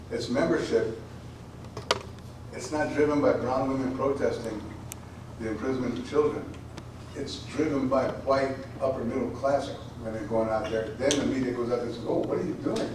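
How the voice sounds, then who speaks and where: A man's voice: mid-range voice, steady tone, moderate pace, noisy background. A man, a poet at a college event, who chats loosely with repeated words and then reads his poem intensely. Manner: rambling and repeats words in talk, intense and emphatic when reading. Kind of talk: informal remarks then a dramatic poetry reading. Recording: echoey room, voice from far off.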